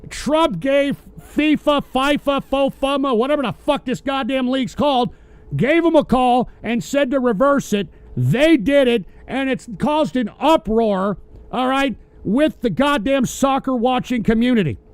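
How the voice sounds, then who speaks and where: High-voiced man ranting angrily. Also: unhurried, smooth, dry recording. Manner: angry, swearing, sarcastic. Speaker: host of a political call-in show. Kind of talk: profane political rant.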